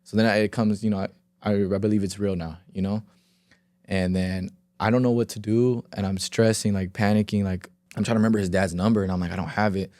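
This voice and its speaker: Low, mellow-voiced young man telling a story. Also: fairly even intonation, fast, dry recording. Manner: rambling, heavy filler words and reenacted quotes; swears freely. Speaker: podcast guest. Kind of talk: casual storytelling. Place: podcast studio.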